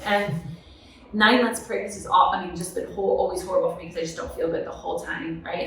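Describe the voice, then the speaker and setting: A woman author in her thirties telling lively stories in a podcast conversation, often asking "right?". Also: medium pitch, slight background noise. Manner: animated, tag questions like "right?". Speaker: author and guest. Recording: echoey room, mic at a distance.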